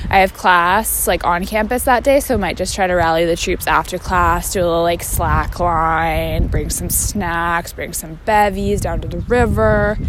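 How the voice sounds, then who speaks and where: A woman's voice: fairly low pitch, background noise. A young woman from Canada, rambling through a casual vlog update full of fillers and slangy asides. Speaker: vlogger. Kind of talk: casual chat.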